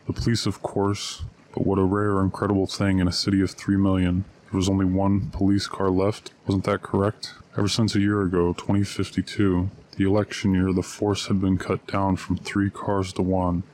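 A man reading a short story aloud in steady, measured narration. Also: sits low, a little hiss or hum.

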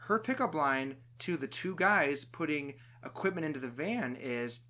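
Man, podcast host, casual movie recap, animated storytelling, bright tone. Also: on the high side, normal speed. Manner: animated storyteller, acts out quotes.

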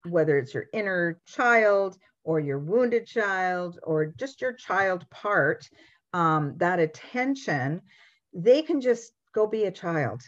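A woman with a notably low voice hosts a relaxed interview, speaking in a measured, gentle way. Her audio sounds a little dull and lo-fi. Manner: measured, gentle questioning with soft affirmations. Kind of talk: conversational interview.

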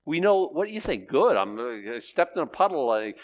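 An older man, a pastor, preaching a sermon with animated emphasis that swings between loud declarations and hushed, quiet passages. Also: on the high side, fairly quick.

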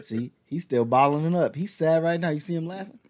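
A man's voice: fairly high pitch, a little fast, darkish tone. A man co-hosting a casual podcast, teasing his friend with frequent laughter, then talking frankly about his feelings. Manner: laughs often, joking and teasing, turns reflective. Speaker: podcast co-host. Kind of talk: casual chat.

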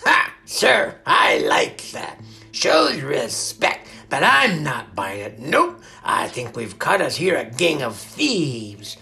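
A man's voice: fairly high pitch, huge pitch swings, slow, creaky, soft background music, voice pushed up, heavily acted. A man voicing a blustering, bullying male deputy warden who mocks and threatens his captives. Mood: sneering. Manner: mocking, threatening, loud.

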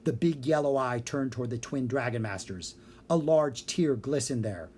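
A narrator reading a children's fantasy book aloud with steady storytelling. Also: mid-range voice, moderate pace, slight background noise. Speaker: audiobook narrator.

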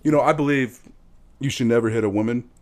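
A man's voice: medium pitch, fast, darkish tone. A man co-hosting a podcast, joking around in crude casual banter and laughing often. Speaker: podcast co-host.

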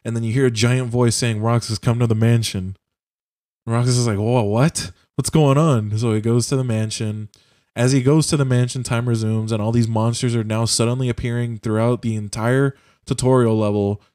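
A man's voice: medium pitch, flat delivery, fairly quick, darkish tone, no echo, clean studio sound. A young man in casual chat on a voice call, rambling through a video game plot with swearing and lots of fillers. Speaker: podcast co-host. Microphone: home mic on a voice call.

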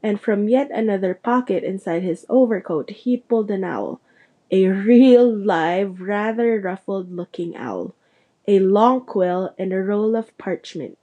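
Woman, storybook narrator, mellow voice, steady measured reading. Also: medium pitch, lo-fi sound. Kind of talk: audiobook reading.

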